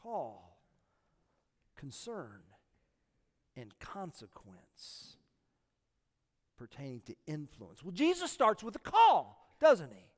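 Slow emphatic pastor preaching, voice swoops up and down a lot, repeats words for stress. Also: medium pitch, huge pitch swings, long reverb tail. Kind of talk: sermon.

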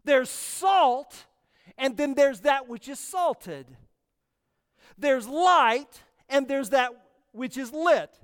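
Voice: high voice, lively intonation, very slow, in a large hall. A pastor preaching a sermon, emphatic and often repeating words for stress.

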